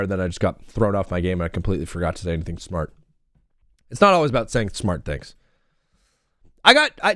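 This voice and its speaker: A man's voice: mid-range voice, fairly bright tone, no echo, clean studio sound. A young man hosting a casual live sports stream, rambling and joking while he calls game plays as they happen. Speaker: livestream sports host.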